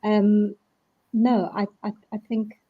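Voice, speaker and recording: A woman speaking as a guest in a live video call discussion, animated and acting out quoted voices as she explains. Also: mid-range voice, slow pace. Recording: dull lo-fi video call audio.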